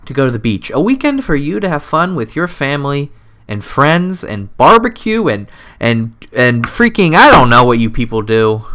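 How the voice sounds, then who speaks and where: Close to his desk mic, the host of a comedy show delivers a goofy, self-deprecating ramble at a moderate pace. His sing-song voice jumps and drops in both pitch and loudness.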